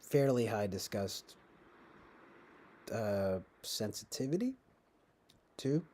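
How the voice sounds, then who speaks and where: A man hosting a casual livestream, responding to chat in a rambling, halting way with many restarts and occasional chuckles. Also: lowish voice, expressive, dark tone. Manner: chuckles often while talking. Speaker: livestream host reading chat.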